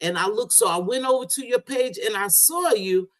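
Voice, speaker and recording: A woman's voice: fairly high pitch, moderate pace. Chatty woman hosting a live stream. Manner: chatty, swears, calls people sweetheart and baby. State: unwell after medication. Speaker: livestream host. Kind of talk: casual live chat.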